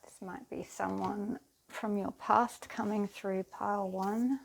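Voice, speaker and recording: A woman giving a pick-a-card tarot reading to her viewers, talking in an unhurried, soothing way and speaking to them directly. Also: medium pitch, steady tone, gravelly, slight background noise.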